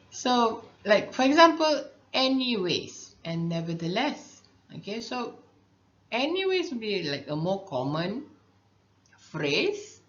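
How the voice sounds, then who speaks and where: A woman teacher walks through a writing lesson at an unhurried pace, her pitch rising and falling expressively. She explains patiently and keeps checking in with her listeners. The recording sounds dull and lo-fi. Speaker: English teacher.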